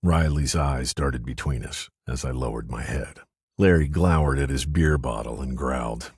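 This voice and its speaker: A man reading a first-person mystery audiobook in a low, subdued way. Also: normal speed, darkish tone, slightly rough, no echo, clean studio sound. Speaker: audiobook narrator. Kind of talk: scripted first-person narration.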